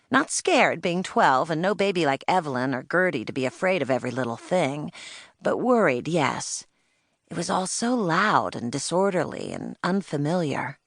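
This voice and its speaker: A woman's voice: fairly low pitch, dry recording, clean studio sound. A woman narrating a children's audiobook in first person, telling it in the plain-spoken voice of a spirited young girl.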